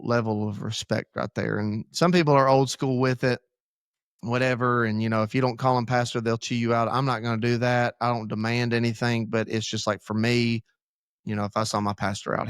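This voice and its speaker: A man's voice: mid-range voice, little pitch movement, fairly quick, smooth, no echo, clean studio sound. A man, a pastor, talking candidly in a casual podcast conversation, rambling and joking about himself. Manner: candid, rambling, self-deprecating. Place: church podcast room.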